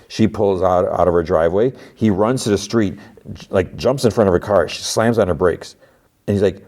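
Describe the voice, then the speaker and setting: A man's voice: low voice, moderate pace, a little mellow. A man hosting a podcast, casually retelling TV episodes in a rambling way, full of fillers. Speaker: podcast host.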